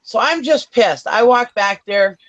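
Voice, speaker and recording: A woman's voice: fairly high pitch, expressive, unhurried, low-quality recording. A woman co-hosting a casual show, telling an angry story with blunt swearing. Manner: fired-up storytelling, swears freely. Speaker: co-host. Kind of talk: casual chat.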